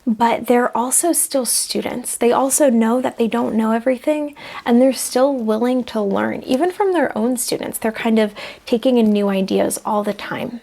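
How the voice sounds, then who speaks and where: Young woman vlogger, slightly high voice with vocal fry, thoughtful and casual. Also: fairly even intonation, moderate pace, mellow. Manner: reflective, acts out little example voices. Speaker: vlogger sharing personal growth advice. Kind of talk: casual talk to camera.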